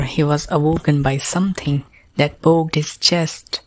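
Slow, low-voiced woman reading a story. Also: no echo. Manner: slow, calm, even reading. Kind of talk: storybook narration.

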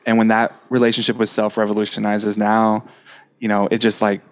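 A man's voice: on the low side, monotone, brisk. A man speaking as a podcast guest, passionate and spiritual, stressing his points through repetition. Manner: impassioned, spiritual, repetitive emphasis. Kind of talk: casual conversational interview.

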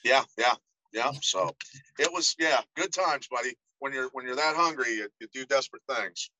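A man's voice: mid-range voice, moderate pace, no room sound, poor audio. A middle-aged man, a podcast guest, telling stories in a casual interview and animatedly acting out the voices of the people in them. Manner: animated storyteller, acts out quoted voices. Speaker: podcast guest, former fighter.

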